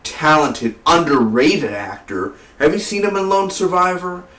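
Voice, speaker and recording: A man's voice: a little high, measured pace, fairly bright tone. Rambling man, roomy and distant. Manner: rambling, fillers, keeps saying "man". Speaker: movie reviewer. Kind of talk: casual vlog movie review.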